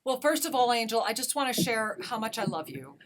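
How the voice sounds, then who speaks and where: A woman hosting a spiritual talk radio show, speaking slowly and soothingly as she offers guidance to listeners. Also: a little high, sing-song. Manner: slow, soothing, affirming.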